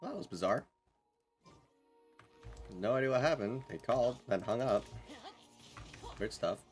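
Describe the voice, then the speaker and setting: A man's voice: mid-range voice, lively intonation, measured pace, faint music behind. A young man streaming a game, chatting casually in a rambling, self-correcting way. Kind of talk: casual chat while gaming.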